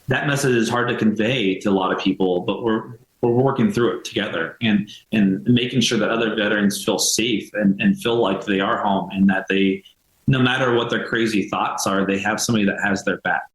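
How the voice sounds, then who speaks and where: A man's voice: fairly low pitch, steady tone, moderate pace, reverberant, poor audio. A man who co-founded a veterans' nonprofit, speaking earnestly and casually in a podcast interview, with many fillers and restarts. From United States.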